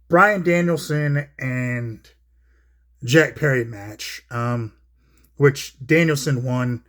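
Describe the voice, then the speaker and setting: A man's voice: medium pitch, a bit bright. A man giving casual wrestling commentary, rambling and profane with many fillers.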